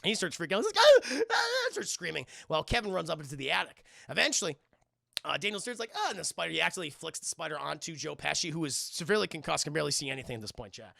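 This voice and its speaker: A young man chatting to his stream audience as he retells a film's scenes, animated and profane, bursting into silly voices. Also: on the high side, very fast, gravelly, no room sound, clean studio sound. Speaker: streamer reviewing a film. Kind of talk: casual chat to a livestream audience.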